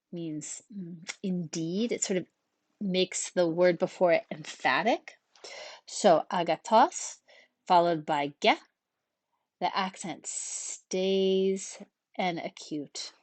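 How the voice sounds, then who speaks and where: Woman teacher explaining things patiently, mid-pitched voice, dry close sound. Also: dry recording. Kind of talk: recorded lecture.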